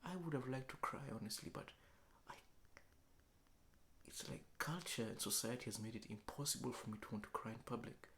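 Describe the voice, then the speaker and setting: A man from Kenya, talking slowly and reflectively in a late-night confessional monologue at home, often dropping into a whisper. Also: medium pitch, expressive, a little hiss or hum. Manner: slow, reflective, often sinking to a hushed whisper. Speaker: vlogger. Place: apartment indoors.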